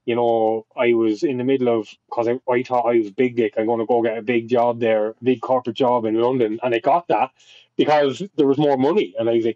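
Irish man, young adult, podcast guest: rambling, sweary storyteller, mellow tone, dull dry recording. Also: medium pitch, fairly even intonation, a little fast, dry recording. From Ireland. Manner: rambling, frequent swearing and restarts. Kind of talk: casual storytelling.

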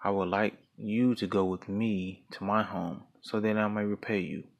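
A man's voice: lowish voice, steady tone, moderate pace, gravelly. A man voicing a gullible, eager male shark in a folktale reading, pleading earnestly.

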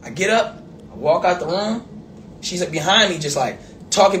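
A man's voice: high-pitched, expressive, fairly quick, a bit bright. A young man telling a long story in casual chat, rambling and repeating himself with emphasis. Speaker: storyteller in a played clip. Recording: echoey room, faint background noise.

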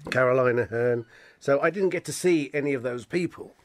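A man's voice: medium pitch, a little fast, crowd noise. A man hosting a radio chat show, asking short questions and reminiscing about the comedy club scene. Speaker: radio host.

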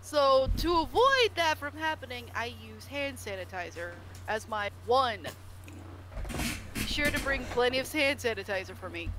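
A woman hosting a casual stream chat, animated and giggly, quick to joke. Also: high-pitched. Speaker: stream host. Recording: noisy background.

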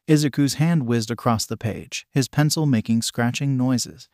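A man narrating a fan-fiction story in an even, unhurried reading. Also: medium pitch, no echo, clean studio sound.

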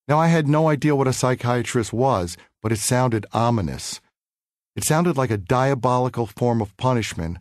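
A man's voice: medium pitch, lively intonation, dry recording, studio quality. Earnest man reading his memoir. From New York City. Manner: measured, earnest, reflective reading. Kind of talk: audiobook memoir narration.

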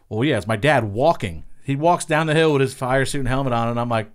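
Middle-aged guy from long island, rattles off swear-filled racing stories quick, does everyone's lines. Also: medium pitch. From Long Island, New York. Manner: profane, animated storyteller acting out quotes. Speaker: racing spotter, guest. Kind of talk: casual storytelling.

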